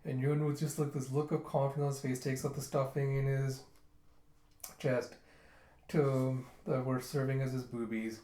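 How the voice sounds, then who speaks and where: A man recaps a comic chapter in an easy, casual way. He keeps breaking into little voices for each character, so the retelling sounds animated. His voice sits at an average pitch and carries the echo of a roomy space. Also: moderate pace. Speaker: manga reviewer reading aloud. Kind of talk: casual manga readthrough.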